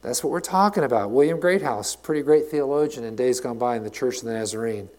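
A middle-aged man, a pastor preaching a sermon in a passionate, conversational way, swinging between loud emphatic lines and quiet asides. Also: medium pitch, fast.

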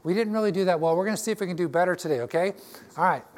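A man's voice: sits high, racing. Older male pastor, folksy sermon voice, chatty asides. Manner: folksy, joking, checks in with "okay?". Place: church sanctuary.

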